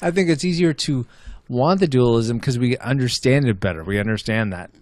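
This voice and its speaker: A man's voice: mid-range voice, brisk, darkish tone. A man co-hosting a casual podcast, joking around and rambling with filler words. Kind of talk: casual chat.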